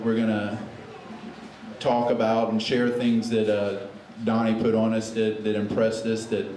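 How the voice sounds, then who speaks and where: At a memorial service, the male emcee leads a casual prayer and brings up speakers, often stumbling with fillers and restarting sentences. His voice is on the low side and a little mellow, heard in an echoing room with slight background noise.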